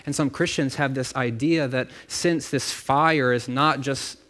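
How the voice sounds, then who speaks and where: A man's voice: medium pitch, steady tone, a little slow, fairly bright tone. Man, pastor, sermon, conversational preaching, asides, repeated words.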